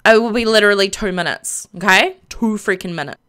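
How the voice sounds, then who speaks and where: A woman live-streaming a game, chatting casually to viewers in a flustered, excitable way and exclaiming often. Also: medium pitch, fairly quick. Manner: flustered, excitable, lots of "oh my gosh" and laughing.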